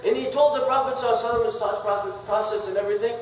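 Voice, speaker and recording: A man giving a sermon, telling a story with lively invocations, then leading a closing supplication before a gathering. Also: very high voice, rapid-fire, slight background noise. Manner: animated storytelling with frequent invocations. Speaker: speaker giving a religious talk. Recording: very echoey hall, mic at a distance.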